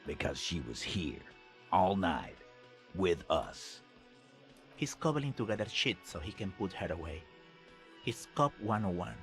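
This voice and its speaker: Low gruff game dockworker, blunt and scornful, swinging tone. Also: male voice, very animated, a little slow, pauses often, fairly bright tone, soft background music, heavily acted. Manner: blunt, dismissive.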